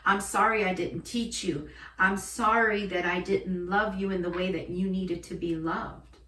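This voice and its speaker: A woman voicing the spirit of her late grandmother, an older woman who speaks in a soft, hushed, earnest way. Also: lowish voice, fairly even intonation, measured pace, a little hiss or hum. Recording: roomy, distant from the mic.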